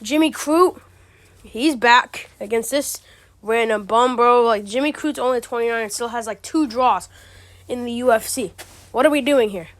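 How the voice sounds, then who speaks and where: A woman's voice: on the high side, moderate pace. A woman giving casual, ranting commentary, exasperated and profane, full of slang. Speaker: MMA commentary channel host.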